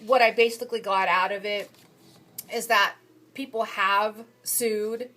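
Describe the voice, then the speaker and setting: Woman recapping her readings on a phone, halting, filler-heavy, mid-pitched. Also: fairly even intonation, bright, forceful tone. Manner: hesitant, frequent ums and restarts. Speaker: human resources student reviewing journal articles. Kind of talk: casual spoken summary of readings. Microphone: phone camera.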